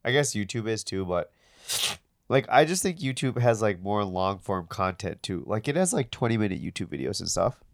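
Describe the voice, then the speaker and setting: Man, deep voice, stuffed-up nose, casual rambling podcast chat, dry room. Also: lively intonation, normal speed, gravelly, dry recording. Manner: rambling, filler-heavy. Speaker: podcast co-host.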